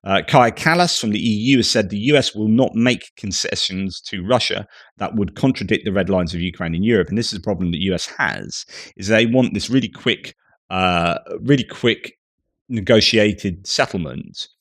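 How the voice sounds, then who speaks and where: A man's voice: lowish voice, moderate pace, fairly bright tone, no room sound, studio quality. A man commenting on the news, reading quotes and then discussing them in a loose, conversational way. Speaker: geopolitics commentator.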